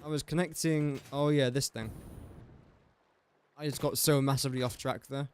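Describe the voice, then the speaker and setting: A man's voice: mid-range voice, steady tone, normal speed, a little mellow, a little hiss or hum. A young English man casually thinking aloud while streaming a building game and chatting to viewers. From England. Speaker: gaming streamer. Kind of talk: casual live-stream commentary.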